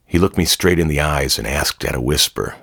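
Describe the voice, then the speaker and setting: A man narrating a first-person story in a measured, wry delivery. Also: a bass voice, lively intonation, gravelly, fairly bright tone, husky, no room sound, studio quality.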